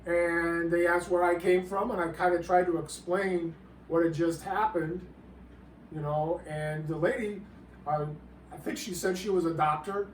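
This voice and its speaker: High-ish guy rambling thru a comedy monologue, keeps saying sir, kinda far from the mic in an echoey room. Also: steady tone, slight background noise. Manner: rambling, halting, keeps politely calling the listener sir. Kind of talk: comedic monologue to an unseen listener. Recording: roomy, distant mic, faint background ambience.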